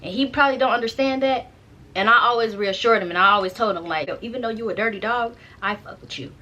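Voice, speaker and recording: A woman's voice: fairly high pitch, quick pace, sharp tone, highs cut off. A young woman casually telling a personal story straight to her viewers, chatty and slangy, often turning to the audience to check they follow. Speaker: storytime vlogger.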